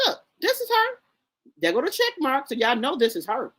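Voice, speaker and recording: A woman hosting a gossip commentary show, talking in an animated, emphatic way with plenty of exclaiming and cussing. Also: sits high, moderate pace. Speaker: commentary channel host.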